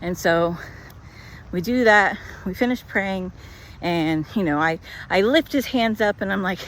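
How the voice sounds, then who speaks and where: A woman vlogging while walking, telling a story in a chatty, animated way full of "like". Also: mid-range voice, measured pace, slight background noise. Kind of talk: walk-and-talk storytelling.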